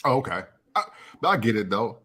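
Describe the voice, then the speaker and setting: A man co-hosting a podcast in a relaxed, chuckling way. His voice is husky, and his pitch rises and falls in a lively way as he talks. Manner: laid-back, quick agreeing interjections, chuckling. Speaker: podcast co-host. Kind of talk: casual podcast chat.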